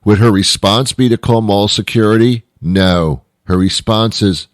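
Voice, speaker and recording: A man's voice: lowish voice, measured pace, hardly any pauses, no echo, studio quality. A man hosting his own show, rambling through a self-deprecating comic monologue with stumbles and restarts. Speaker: host. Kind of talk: comedic monologue.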